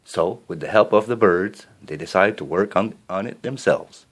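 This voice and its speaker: Low-voiced male storybook reader. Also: normal speed, slightly rough. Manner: expressive with small slips and restarts. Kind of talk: reading a children's storybook aloud.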